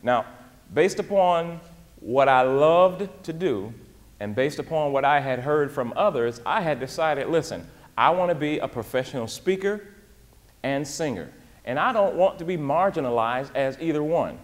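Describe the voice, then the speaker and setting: Man, motivational speaker, fairly high voice, lively and folksy, in a big reverberant hall. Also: moderate pace. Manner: animated, folksy, repeats "man" and "y'all". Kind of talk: live motivational talk.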